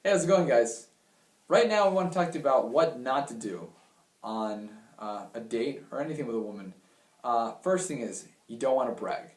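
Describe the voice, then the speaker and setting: A man's voice: mid-range voice, expressive, normal speed. A young man giving blunt, crude dating advice in a chatty way. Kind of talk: casual advice talk. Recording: roomy sound, mic at a distance.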